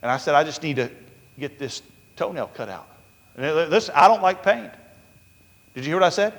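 High-voiced preacher man in a reverberant hall. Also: lively intonation, fairly quick. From United States. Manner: conversational storytelling preacher, many fillers, builds to emphatic peaks. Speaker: pastor. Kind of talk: sermon.

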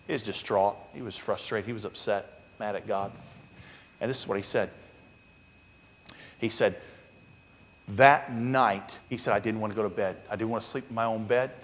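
A male pastor preaching a sermon, telling a story with sudden swings from loud urgency to a hushed, quiet voice. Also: lowish voice, fairly even intonation, a little fast, pauses often, in a large hall, slight background noise.

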